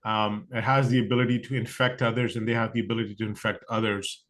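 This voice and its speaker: As a podcast guest, a man talks thoughtfully and conversationally, using lots of fillers, often restarting his sentences, and acting out the excuses other people have given. His voice is lowish and fairly bright, with little pitch movement, and he talks fast.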